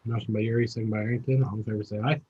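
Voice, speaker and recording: A man's voice: fairly low pitch, fairly even intonation, racing, warm tone, dull audio, a little hiss or hum. A man chairing a city council meeting as mayor, calling votes and reading agenda items in a procedural way. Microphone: video call.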